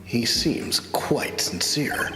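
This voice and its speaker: A fan voice actor playing a calm, courteous middle-aged male defense attorney, slow and formal, with music behind. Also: medium pitch, pitched below the performer's own voice. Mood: composed.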